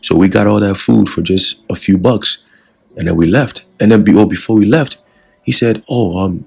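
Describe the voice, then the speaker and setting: Deep gravelly man telling a dream. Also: moderate pace. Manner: relaxed storytelling with many fillers. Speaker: religious teacher recounting a dream. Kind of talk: casual spoken testimony.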